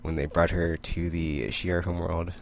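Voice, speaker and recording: A man's voice: sits low, flat delivery, moderate pace, creaky, a little hiss or hum. A young man casually recapping comic issues in a rambling way, full of fillers and quoted character lines. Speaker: comic book vlogger.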